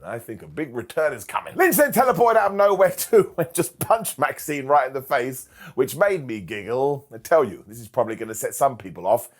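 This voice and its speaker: A man giving a casual, comedic recap of a wrestling show, joking and mimicking people in quick silly voices. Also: medium pitch, very animated.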